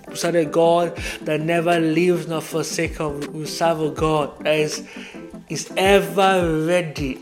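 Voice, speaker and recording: A man preaching a devotional podcast sermon, earnest and repetitive, reading Bible verses aloud. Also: a little high.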